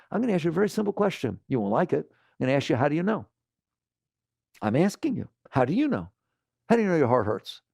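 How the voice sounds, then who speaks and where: A man with a slightly high, gravelly voice teaches a live audience about the mind. He gets animated and acts out inner voices in exaggerated quotes. The sound is close and dry. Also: no echo. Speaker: spiritual teacher. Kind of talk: spiritual talk to a live audience.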